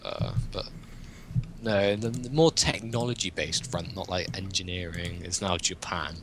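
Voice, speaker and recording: A man's voice: low-pitched, measured pace, noisy background. A young man hosting a casual chat, rambling and joking and laughing often. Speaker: podcast host.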